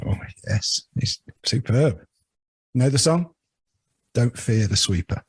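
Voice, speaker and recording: A man co-hosts a podcast and runs a lyrics quiz, teasing the players. His voice is husky at a middle pitch. The sound is dry and close. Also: lively intonation, slow, dry recording. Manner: jokey, teasing. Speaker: podcast co-host running a quiz. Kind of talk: casual chat, reading out song lyrics.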